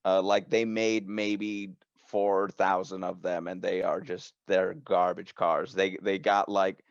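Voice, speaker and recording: A man's voice: deep voice, little pitch movement, slow pace, vocal fry, no echo, muffled recording. A man narrating as game master for a tabletop game, rambling and joking with many restarts.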